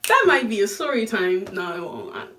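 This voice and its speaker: A young adult woman telling a casual storytime, slangy and animated, jumping her pitch to act out what people said. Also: normal speed, distant mic. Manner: animated, slangy, acts out quoted lines with big pitch jumps. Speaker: vlogger.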